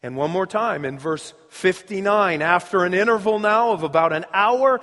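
A male pastor preaching a sermon to his congregation, telling the story dramatically and moving between loud emphasis and near-hushed asides. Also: sits high, moderate pace. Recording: reverberant hall.

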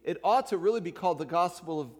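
A man's voice: sits high, animated, fast. A man preaching a sermon as pastor, in a conversational style, joking with and addressing members of the congregation by name. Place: church sanctuary. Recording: long hall reverb.

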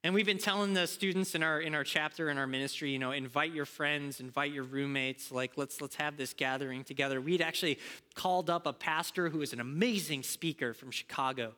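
A man preaching a sermon as a campus minister, telling a story and acting out the dialogue in an animated way. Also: fairly high pitch, a little fast, in a large hall.

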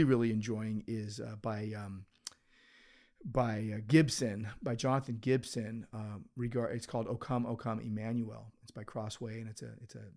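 Rambling pastor chatting on a podcast. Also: male voice, lowish voice, darkish tone. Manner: rambling, with frequent restarts and filler. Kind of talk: casual chat. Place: office full of books.

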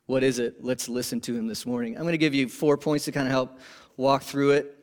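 A man preaching a sermon to his congregation, animated and conversational, asking rhetorical questions and swinging from emphatic peaks to quiet lows. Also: fairly quick. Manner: animated, rising to emphatic peaks then dropping low. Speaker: pastor.

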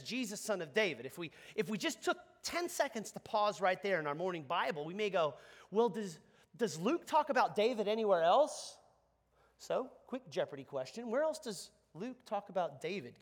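Male pastor, higher-pitched, lively swooping delivery, casual preaching that asks the room to answer back. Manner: animated, conversational preaching with congregation call-and-response. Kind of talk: sermon.

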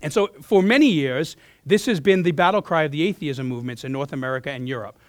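A man preaching a sermon in a church as pastor, his voice hoarse from losing it, earnest, often restarting and clearing his throat. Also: fairly high pitch, fast, no room sound, clean studio sound.

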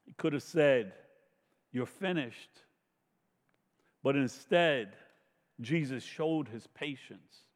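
A man preaching a sermon in slow, emphatic phrases, swelling to loud questions and dropping to a hush. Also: medium pitch. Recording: long reverb of a large hall.

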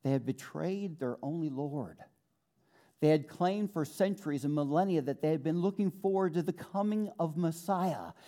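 Earnest preacher man, mellow voice. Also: a little high. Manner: earnest, slows for quoted scripture, rises with fervor. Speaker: pastor. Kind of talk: sermon.

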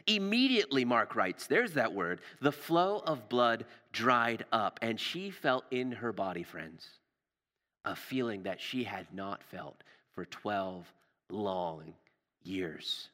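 A male pastor delivers an impassioned sermon in a bright, ringing voice. His pitch rises and falls widely, and he drops to near-whispers for emphasis. The sound carries the long reverb of a large hall. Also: lively intonation, takes it slowly. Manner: impassioned, repeats words, drops to hushed emphasis.

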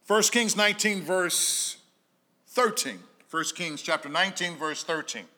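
Preaching to his congregation, a pastor tells stories and alternates soft, low passages with emphatic calls. His pace runs a little slow.

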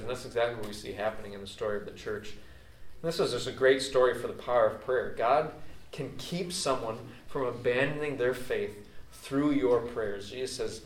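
A man delivers a sermon in an easygoing, conversational way, often restarting his sentences. His voice sits at an ordinary middle pitch. He is recorded from some distance in a reverberant room with a faint hum of ambience behind him. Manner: loose, chatty, with many fillers and restarts. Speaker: pastor.

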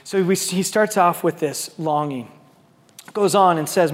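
A male pastor with a high, light voice delivers a conversational sermon. He drops to soft, near-quiet stretches and then swells loud and emphatic. The sound carries a long reverb tail from a large hall. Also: normal speed. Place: church sanctuary with a small live audience.

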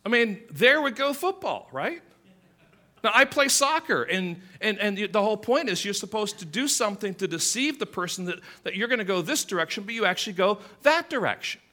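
Man, pastor, sermon, bright tone, slightly high pitch, animated delivery. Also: a little fast. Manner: animated, acts out quotes with rising pitch and volume.

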